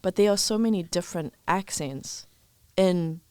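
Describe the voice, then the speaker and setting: A young speaker from Zimbabwe chatting on a podcast, lively and talkative, musing aloud. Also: mid-range voice, moderate pace, smooth, no echo. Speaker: podcast guest. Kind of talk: casual podcast chat.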